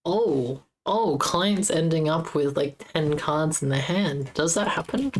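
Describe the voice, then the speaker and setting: A woman with a very low voice talks through her game code on a live stream. She speaks slowly and haltingly, muttering questions to herself as she debugs, with a relaxed, unhurried pace. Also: slight background noise. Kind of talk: casual live-stream coding commentary.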